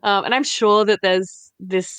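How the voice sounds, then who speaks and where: A woman's voice: mid-range voice, steady tone, measured pace, a bit bright, clean tone, no room sound. A woman hosting a podcast in casual chat, blunt and frank, swearing freely and using lots of fillers. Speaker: podcast host.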